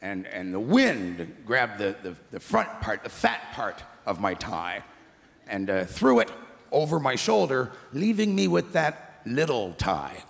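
A middle-aged man doing stand-up comedy on a large theatre stage, gruff and ranting with deadpan asides. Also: fairly low pitch, measured pace. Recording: echoey theatre with loud laughing crowd.

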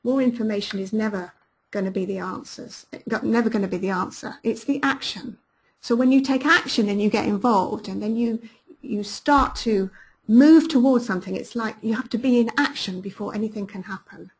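A woman's voice: medium pitch, breathy edge. A woman business coach hosting a live webinar, upbeat and encouraging, who repeats her key questions to coax listeners into action. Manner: upbeat and encouraging, quick praise words. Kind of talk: live webinar talk, reading out listener comments.

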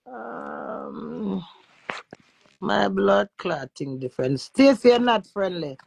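A woman's voice: mid-range voice, lively intonation, takes it slowly, vocal fry, darkish tone, husky, no echo, rough recording. A Jamaican woman who is a social media influencer, chatting brashly and profanely in patois with her live-stream viewers. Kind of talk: casual live-stream chat.

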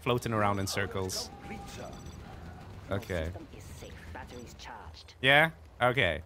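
Animated man commentating a game. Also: mid-range voice, moderate pace, long pauses. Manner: animated, self-mocking, laughs often. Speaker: game streamer. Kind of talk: casual gameplay commentary. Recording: faint game music behind.

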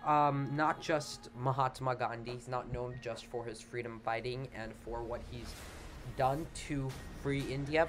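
A young man hosting a casual history voice-over for a slideshow. He talks in a rambling, hesitant way, full of "like" and "you know," and often stops to rephrase. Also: medium pitch. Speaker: channel host.

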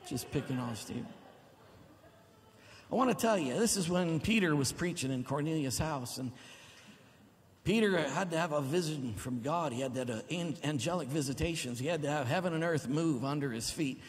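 A man's voice: on the high side, lively intonation, moderate pace. A middle-aged man preaching a sermon as pastor, exuberant and at times whooping. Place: large church hall. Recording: long reverb of a church hall.

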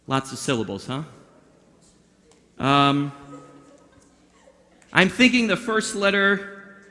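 Guy doing a magic act for a crowd, chatty and playful, bright voice, big echoey hall. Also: a little high, very animated, slow pace. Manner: chatty, playful, directs volunteers. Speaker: magician performing for a youth group. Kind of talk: interactive stage patter. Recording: long hall reverb.

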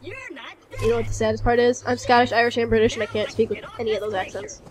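A young woman co-hosting a let's play, joking crudely and getting giddy and loud. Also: on the high side, fast. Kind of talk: casual gaming chat.

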